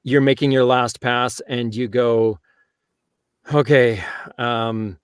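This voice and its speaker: A man's voice: medium pitch, flat delivery, smooth, no room sound. Chatty Canadian man, dry close sound. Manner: chatty and good-humoured, quick to laugh. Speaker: audiobook narrator and co-host. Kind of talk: casual chat.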